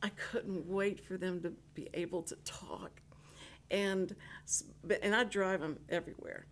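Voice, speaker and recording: A woman's voice: lowish voice, measured pace. An older woman, hosting a casual radio interview and telling chatty stories full of restarts. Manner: chatty, animated storyteller with many restarts. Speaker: radio host.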